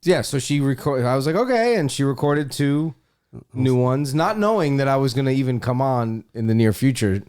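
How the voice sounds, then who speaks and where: A man guesting on a comedy podcast, dry and sardonic, swearing casually. His pitch sits mid-range but swings widely as he talks. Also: animated, moderate pace, darkish tone, clear, resonant tone.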